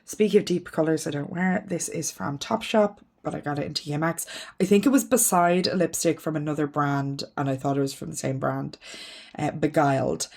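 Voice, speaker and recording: A woman with a low voice talks through her lipsticks in a casual vlog. She thinks out loud, trails off into ums and pokes fun at her own choices with frank, easy candour. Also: a little fast, gravelly. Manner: frank and self-mocking. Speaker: beauty vlogger. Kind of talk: casual makeup declutter chat.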